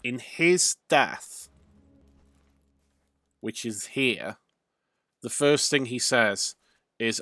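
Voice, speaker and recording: A let's play host talks through a mystery game, reasoning step by step as he checks his guesses. His voice has a bright edge and sits in a mid range, recorded close and dry. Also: medium pitch, lively intonation, extremely slow, pauses often, dry recording. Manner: thinking aloud, reasoning step by step. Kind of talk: gameplay commentary.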